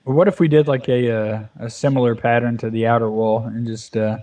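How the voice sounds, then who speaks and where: A man in his twenties spins a crude, cursing story during a casual gaming session. His voice sits at an ordinary middle pitch, and he talks loosely with lots of filler. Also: steady tone, a little fast, mellow. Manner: profane ranting storyteller. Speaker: Minecraft let's play co-host. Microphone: headset or desk mic, volume fading at times.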